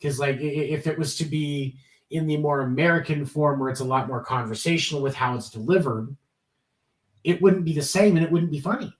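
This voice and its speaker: A man's voice: fairly high pitch, fairly quick, roomy sound, recorded from a distance, rough recording. A man co-hosting a late-night sports talk podcast, chatting casually and rambling with many restarts. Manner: rambling, many restarts, enthusiastic about comedy. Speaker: podcast co-host. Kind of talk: casual chat.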